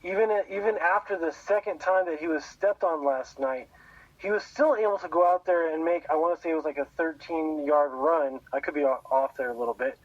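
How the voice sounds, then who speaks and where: Slightly high-voiced guy on a sports pod, kinda muffled lo-fi sound, chill and agreeable. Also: fairly quick, no room sound. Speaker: podcast co-host. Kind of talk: sports podcast talk.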